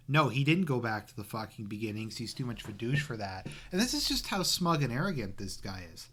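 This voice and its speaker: A man's voice: mid-range voice, sing-song, brisk, few pauses, a bit bright. A man giving crude, sarcastic reaction commentary over a stream, rambling with fillers. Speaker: commentary YouTuber.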